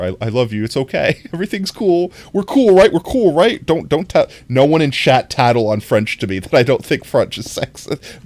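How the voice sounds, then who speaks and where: A man's voice: mid-range voice, no room sound. A young man streaming live, rambling through casual chat and reacting to his viewers, with lots of fillers and easy laughter. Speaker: livestreamer.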